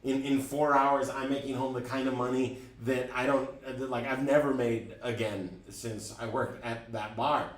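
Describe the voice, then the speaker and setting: A man at middle pitch tells a personal story to a class, candid and animated, often restarting his phrases. His voice carries from a distance. The room around him is echoey. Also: moderate pace, few pauses. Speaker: driving school instructor. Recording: roomy, from a distance.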